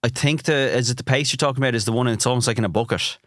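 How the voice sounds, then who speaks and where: A man's voice: mid-range voice, very fast, fairly bright tone, no room sound, clean studio sound. An Irish chef in young adulthood hosting a casual food podcast, easygoing and teasing as he asks curious questions. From Ireland.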